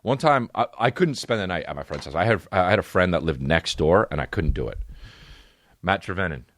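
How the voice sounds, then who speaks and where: Very deep-voiced man telling stories. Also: a little fast, no echo. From New Jersey. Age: 30s. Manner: profane, rambling and animated. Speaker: podcast host. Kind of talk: comedic storytelling.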